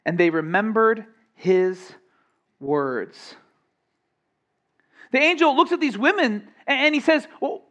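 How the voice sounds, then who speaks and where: A man preaching a sermon as pastor, animated and conversational, with asides and acted-out quotes. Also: high voice, measured pace.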